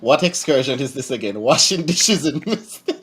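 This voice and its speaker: A man's voice: medium pitch, animated, normal speed, a bit bright, husky. A man co-hosting, telling a travel story in a playful, teasing way and laughing often. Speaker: co-host. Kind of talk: casual storytelling while watching clips.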